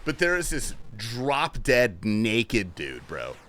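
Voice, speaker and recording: A young man streaming a game, telling a story in a casual, animated way, swearing and laughing often. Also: medium pitch, takes it slowly. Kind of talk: casual story-telling chat while gaming.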